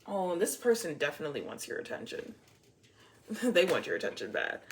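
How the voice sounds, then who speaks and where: A woman's voice: on the low side, big pitch swings, a little fast. A woman giving a casual tarot reading to camera, playful and blunt, swearing freely and laughing often. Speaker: tarot reader.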